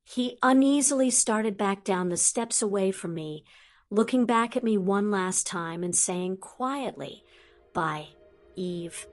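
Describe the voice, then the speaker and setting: A woman narrating a first-person audiobook in a soft, measured way. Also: medium pitch, faint music behind.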